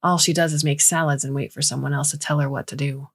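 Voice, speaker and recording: Low husky woman narrating a story. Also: steady tone. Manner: measured storytelling reading. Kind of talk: scripted narration.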